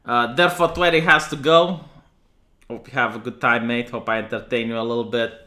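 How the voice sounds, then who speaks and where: A man's voice: mid-range voice, fairly even intonation, fairly quick, pushed and bright. A man with a Romanian accent giving opinionated, sarcastic livestream commentary, often restarting his sentences. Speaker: streamer.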